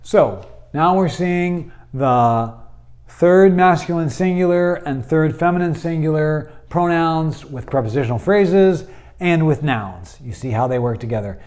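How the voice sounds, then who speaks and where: Slow, patient man teaching Hebrew grammar. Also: on the high side, lively intonation, darkish tone. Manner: patient, explanatory, many fillers. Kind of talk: classroom lesson explaining grammar.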